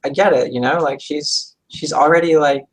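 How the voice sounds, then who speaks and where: Husky woman rambling in casual chat. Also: low-pitched, moderate pace, low-quality recording. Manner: rambling, hesitant, full of fillers. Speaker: co-host.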